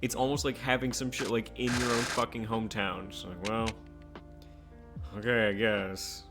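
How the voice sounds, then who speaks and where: A man's voice: on the low side, flat delivery, normal speed, over music. A man playing a video game on stream, joking and swearing casually as he plays. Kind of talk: casual gaming chat.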